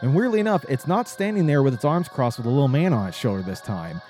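A man chatting casually with a co-host as he recaps a video game's story, his pitch jumping when he gets excited. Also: fast talker, faint music behind. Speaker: podcast co-host.

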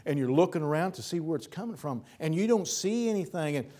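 A man preaching a sermon in plain folksy speech, repeating words for emphasis and swinging from loud bursts to low, soft phrases. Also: animated, brisk.

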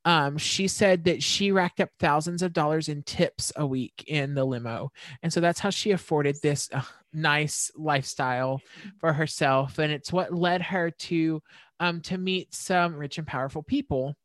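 A woman's voice: deep voice, measured pace, no room sound. A woman co-hosting a podcast, recounting a case in casual chat with frequent fillers. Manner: storytelling with many fillers and restarts. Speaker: podcast co-host.

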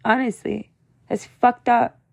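Gravelly-voiced young mother venting. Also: a little high, little pitch movement, slow, a little mellow. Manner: rambling and emotional, heavy use of "like" and "you know". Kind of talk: casual confessional monologue.

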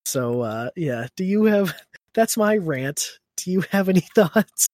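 A man's voice: sits high, animated, a little slow, a little mellow, no room sound, clean studio sound. A young man co-hosting a podcast in casual chat, rambling and laughing as he restarts his sentences. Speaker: podcast co-host.

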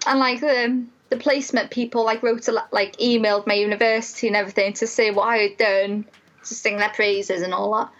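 Animated young woman, lo-fi sound. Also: mid-range voice, fairly quick. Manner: animated, emotional, lots of "like" fillers. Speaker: student mental health nurse, guest. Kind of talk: casual personal storytelling.

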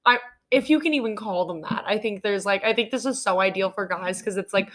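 A woman co-hosts a podcast in easy, casual chat. Her voice is mid-pitched and bright, with a crisp edge. She jokes along and laughs easily. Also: poor audio. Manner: chatty, joking, quick to laugh along. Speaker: podcast co-host.

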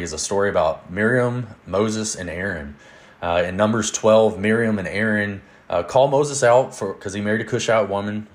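Low-voiced earnest man. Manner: earnest, measured, with fillers and little laughs. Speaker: podcast host, Bible teacher. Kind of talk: casual Bible teaching talk.

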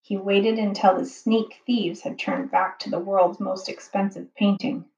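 A woman reading a children's book aloud slowly and carefully as the narrator. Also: medium pitch, fairly even intonation, vocal fry, a little mellow. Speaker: storyteller. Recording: dull, roomy home recording.

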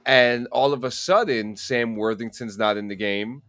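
A man's voice: mid-range voice, moderate pace, fairly bright tone, dry recording, soft background music. A man co-hosting a podcast, bringing up news items and often repeating words. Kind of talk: casual podcast chat.

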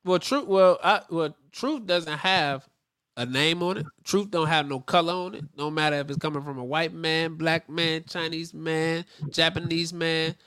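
A man hosting a call-in talk show, calm and agreeable as he answers a caller. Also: on the high side, normal speed, clean tone, no room sound, clean studio sound. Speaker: host.

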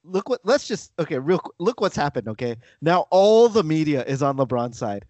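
Brief: male co-host, lively sports banter, slightly high voice, dry close sound. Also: normal speed, dry recording. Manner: animated, acts out quotes in mock voices. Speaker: podcast co-host. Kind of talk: casual sports chat.

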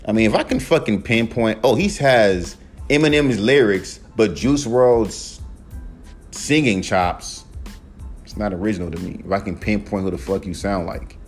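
A man hosting his own podcast, ranting casually and profanely about rap and his music with emphatic, animated delivery. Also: lowish voice, normal speed, husky. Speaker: podcast host and rapper. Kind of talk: casual solo podcast rant.

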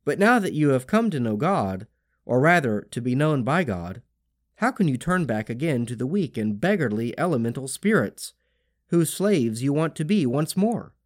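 A man reading scripture aloud for a daily lectionary podcast, in a solemn, measured style. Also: medium pitch. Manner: solemn, expressive reading with lively rises and falls. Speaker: scripture reader.

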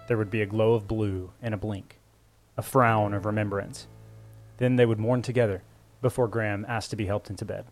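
Man narrating a story over soft music. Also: on the low side. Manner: measured, even storytelling. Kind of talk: scripted audiobook narration. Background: faint music score.

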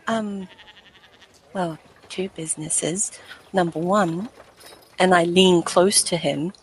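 A woman's voice: fairly low pitch, fairly even intonation, slow. A woman playing a noblewoman in a tabletop game, playful and giggly, with faint noise behind. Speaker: player.

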